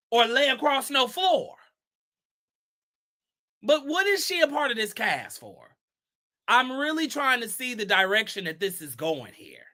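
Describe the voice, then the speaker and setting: In a relaxed gossip commentary, a man with a high, bright voice reads out posts and fires off emphatic, sassy rhetorical questions in reply. The edge in his tone remains sharp and pointed throughout.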